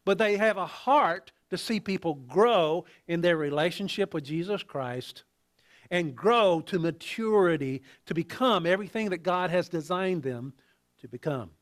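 Male pastor, slightly high voice, talky sermon with restarts and soft asides. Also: animated. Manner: conversational, halting with restarts, drops to quiet asides.

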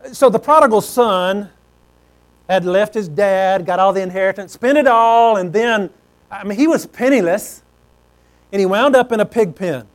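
A man's voice: high-pitched, poor audio. A man preaching a sermon in a folksy, conversational storytelling way.

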